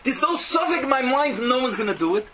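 High-pitched, animated man preaching. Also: fast, crowd noise. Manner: animated, mocking, swings from loud to hushed. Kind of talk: fiery Yiddish-laced sermon. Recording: dull lo-fi recording with faint noise.

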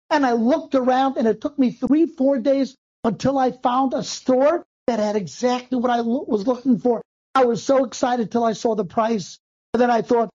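A man, a rabbi, telling a personal story to an audience and acting out the dialogue in quick, animated bursts. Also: very high-pitched. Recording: dull lo-fi recording.

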